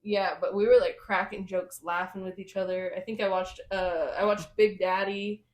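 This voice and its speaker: Sniffly young woman co-host, casual animated storyteller, average pitch. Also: normal speed. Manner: animated storyteller, heavy use of "like". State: getting over a cold, sniffly. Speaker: podcast co-host. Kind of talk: casual chat.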